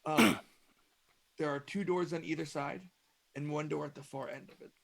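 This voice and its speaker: A male game master narrates a tabletop game in a relaxed, descriptive way, with a slightly raised voice that turns gravelly. He pauses on fillers as he describes each scene. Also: fairly high pitch.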